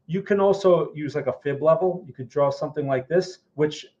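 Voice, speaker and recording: A man's voice: a little high, fairly quick, a little mellow. A man with a New Jersey accent hosting a live stream of chart commentary, talking bluntly and frankly and often tagging on "right?". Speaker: market analyst host. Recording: slightly muffled lo-fi audio.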